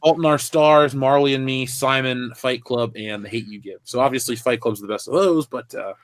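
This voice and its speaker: A man co-hosting a comedy podcast, chatting casually and reading out viewer comments with an animated delivery. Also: mid-range voice, moderate pace, dry recording. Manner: animated, laughs between lines. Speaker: podcast co-host reading chat.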